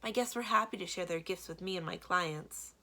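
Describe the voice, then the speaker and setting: A woman's voice: lowish voice, fairly quick, pushed and bright. A woman voicing a sly, weakened male potion-maker in a read-aloud storybook, talking insistently and urgently. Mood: pleading. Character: weak, sly male potion-maker pleading his case.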